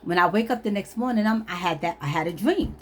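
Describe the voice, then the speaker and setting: A woman vlogger telling a personal story in an animated, emphatic way, often laughing at herself. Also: medium pitch, fast talker, a little hiss or hum. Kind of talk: storytelling testimony.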